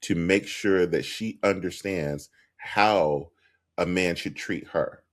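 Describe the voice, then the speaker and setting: A man with a very deep voice talks calmly and reflectively. He speaks in a relaxed podcast conversation. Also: slow pace.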